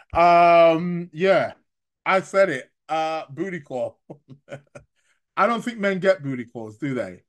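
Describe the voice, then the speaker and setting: A man who reads tarot, chatting on a live stream and reading out viewer comments, rambling and halting with frequent restarts and chuckles. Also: a little high, lively intonation. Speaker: astrologer and tarot reader.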